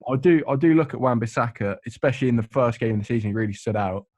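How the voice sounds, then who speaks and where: Young male co-host, earnest rambling pundit type, medium pitch. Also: rapid-fire, a little mellow. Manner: earnest, explains at length with fillers. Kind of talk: casual football chat.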